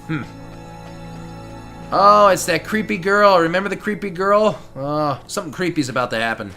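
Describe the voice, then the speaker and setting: A man's voice: sits high, a little fast, bright, forceful tone, faint music behind. A man giving casual, rambling gameplay commentary, amused and talking straight to his viewers. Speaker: let's play commentator.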